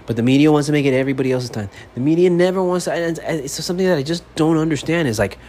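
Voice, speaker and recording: A man's voice: a little high, rapid-fire, darkish tone. A man hosting his own sports fan podcast, delivering a profane, fired-up monologue. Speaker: podcast host. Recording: faint background noise.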